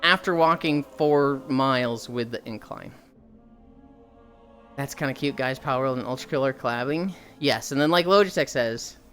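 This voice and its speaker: A young woman streaming while she walks on a treadmill, telling a story in a casual, animated way with swearing, sounding a little tired. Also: a bass voice, clean tone. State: slightly tired from walking.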